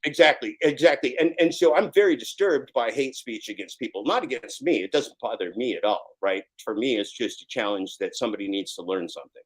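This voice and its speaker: Man, 50s, interview guest, intense, profane, mid-pitched voice. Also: lively intonation, a little fast, slightly rough, poor audio. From Oregon. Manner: intense, swearing, rising to shouts. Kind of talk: live online interview.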